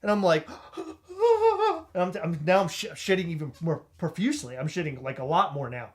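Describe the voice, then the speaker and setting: A man co-hosting a podcast, telling a comedic story in an animated, excitable way, stumbling over restarts and shouting out retold lines. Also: on the high side, quick pace. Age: adult with a child. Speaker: podcast co-host.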